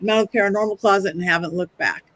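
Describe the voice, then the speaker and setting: A middle-aged woman and psychic medium, telling stories on a podcast in a chatty, animated way, often restarting her sentences. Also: mid-range voice, rapid-fire. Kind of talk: casual podcast storytelling.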